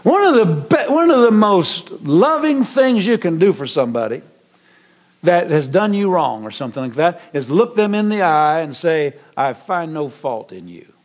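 A middle-aged man preaching a sermon as pastor, animated, with many repetitions and restarts. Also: high voice, moderate pace.

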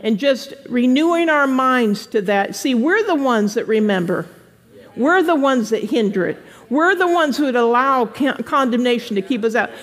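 A woman pastor preaching an animated sermon to a congregation, slipping into playful voices for quoted people. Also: a little high, normal speed, in a large hall. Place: church sanctuary with congregation.

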